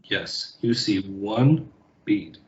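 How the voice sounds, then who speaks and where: Slow, low-voiced man running a tabletop game. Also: animated, roomy sound, dull audio. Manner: unhurried, halting narration with pauses. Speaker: game master.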